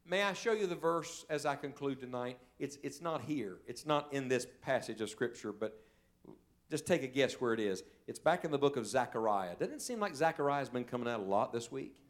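A male evangelist preaching a sermon in a church service, telling stories and swinging from loud, urgent calls to quiet, hushed moments. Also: medium pitch, lively intonation, brisk. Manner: storytelling preacher, swells loud then drops to a hush.

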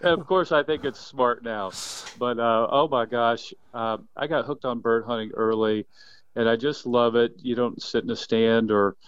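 A man in his fifties, a quail biologist, telling animated stories in a casual interview with plenty of laughs. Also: mid-range voice, moderate pace, clean tone, no echo, lo-fi sound. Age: 50s. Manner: enthusiastic, animated storyteller who laughs often.

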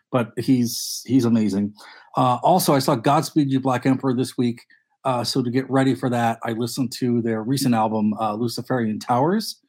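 A man's voice: mid-range voice, darkish tone. Rambling male DJ co-host. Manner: rambling, lots of ums and uhs, enthusiastic about records. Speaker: DJ and journalist, podcast co-host. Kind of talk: casual chat.

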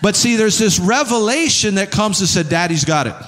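Male pastor, high-pitched voice, emphatic sermon delivery in a reverberant church hall. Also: expressive, brisk, fairly bright tone. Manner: emphatic, repetitive preaching with acted-out dialogues.

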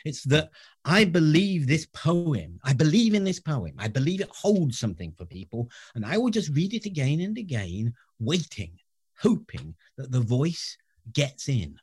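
A man, a professor, telling stories earnestly in an interview and dropping to a soft voice on key words. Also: a little high, big pitch swings, moderate pace, breathy edge. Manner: earnest, varies loudness, drops to soft near-whisper on key words. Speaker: professor, guest. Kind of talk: reflective interview storytelling.

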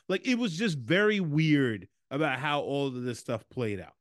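A man's voice: medium pitch, sing-song, normal speed, hardly any pauses, no room sound. Male podcast co-host, rambling casual delivery, speeds up when riled, dry room. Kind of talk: casual chat.

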